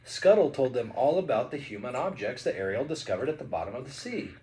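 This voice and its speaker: A man's voice: medium pitch, animated, quick pace, darkish tone, a little hiss or hum. A man reading a picture book aloud to his child, playful and chatty between passages. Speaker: father reading a bedtime story.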